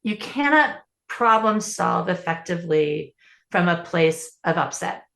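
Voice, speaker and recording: A woman's voice: lowish voice, animated, unhurried, gravelly, fairly bright tone, roomy sound. A woman parenting coach answering interview questions in an earnest, explanatory way, often restarting her sentences.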